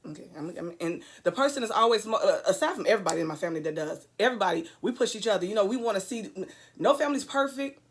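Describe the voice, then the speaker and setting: A woman delivers an earnest motivational talk straight to the camera, preachy and emphatic, repeating her key phrases for weight. Her voice sits at a mid pitch, and she wanders into loose, chatty asides between the urgings. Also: lively intonation, very fast. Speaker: vlogger.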